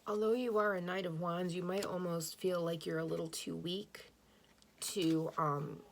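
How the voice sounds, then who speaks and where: A woman's voice: on the low side, fairly even intonation, unhurried, vocal fry, slight background noise. A woman giving an earnest intuitive tarot reading, speaking straight to the listener, repeating phrases and correcting her own words as she thinks aloud. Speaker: tarot reader.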